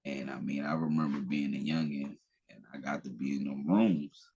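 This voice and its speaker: A man's voice: very deep voice, fairly even intonation, normal speed, warm tone, slightly rough, muffled recording. A man hosting a podcast, talking bluntly and profanely in a rambling, casual way with frequent restarts. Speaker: podcast host. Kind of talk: casual opinion talk.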